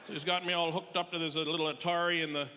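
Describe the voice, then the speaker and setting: A man telling an animated, exaggerated story as a stand-up comedian, often checking in with a quick "right?". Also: on the high side. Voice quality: animated, exaggerating, tag questions. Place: comedy festival stage in a large hall. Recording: reverberant live hall with audience noise.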